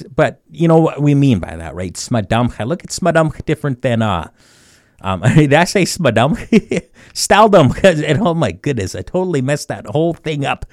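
A man hosting a community radio show, teaching words slowly and often chuckling at himself. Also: a little high, no echo, studio quality. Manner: chuckles often, slow deliberate word repetition. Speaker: radio host. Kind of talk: community radio language segment.

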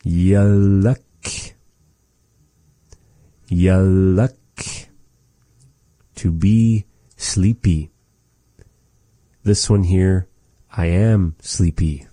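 A man giving a casual vocabulary lesson, repeating each word slowly and adding chatty, joking asides. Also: low-pitched, warm tone, no echo. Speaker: language teacher.

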